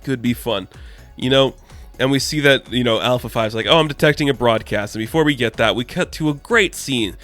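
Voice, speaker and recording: A man's voice: medium pitch, moderate pace, fairly bright tone, soft background music. A man giving a casual comic book review, chatty and loose, full of "like" and "you know".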